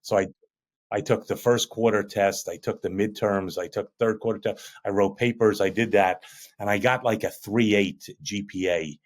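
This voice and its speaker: A man being interviewed as a guest, looking back on his past in a measured, matter-of-fact tone. His voice sits a little low. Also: steady tone. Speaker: guest, attorney and army veteran. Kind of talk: conversational interview.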